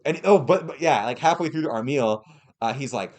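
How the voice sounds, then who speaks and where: A young man on a podcast, telling a story in casual, animated chat, swearing freely and mimicking the people in it. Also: mid-range voice, moderate pace. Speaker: podcast co-host.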